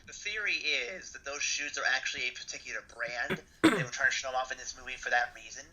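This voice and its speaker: A man co-hosting a podcast in casual chat, joking and spinning theories with animated delivery. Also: medium pitch, quick pace, over a noisy crowd, rough recording. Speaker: podcast co-host.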